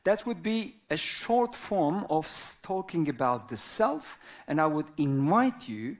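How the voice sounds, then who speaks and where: In a sing-song voice on the high side, a Turkish man in his fifties, Arabic by native tongue, gives a thoughtful live talk as a whirling dance teacher. He keeps his non-native English simple, speaks slowly and philosophically, and often checks in with the people listening.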